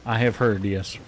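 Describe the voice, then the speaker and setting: Casting note: a man playing an easygoing frontier healer, mid-pitched, chatty, hesitant. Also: slight background noise. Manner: rambling, hesitant, friendly, many fillers. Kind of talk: in-character western roleplay chat.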